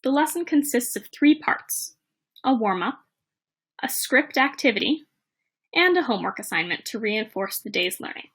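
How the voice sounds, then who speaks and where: A woman presenting a teaching plan in a measured, read-aloud narration. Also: on the high side, expressive, a bit bright, breathy edge.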